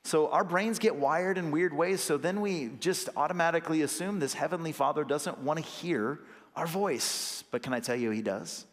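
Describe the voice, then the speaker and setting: A man's voice: on the high side, moderate pace. Fervent man preaching in a reverberant hall. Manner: earnest, conversational preaching with rising emphatic bursts. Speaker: associate pastor. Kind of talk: sermon. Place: church sanctuary.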